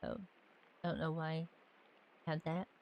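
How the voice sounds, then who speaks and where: A live-stream gamer with a softened Southern accent talks casually over the game, thinking out loud as they build. The pitch sits in a middling range, and the delivery stays relaxed and rambling. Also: measured pace, creaky, lo-fi sound. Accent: light Southern US. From Southern United States. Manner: chatty, thinks aloud while building.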